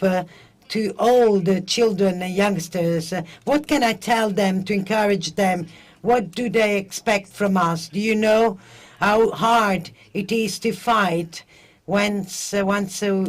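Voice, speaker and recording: A young woman from Congo, asking an earnest question hesitantly, searching for her words. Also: mid-range voice. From Democratic Republic of the Congo. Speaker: audience member asking a question.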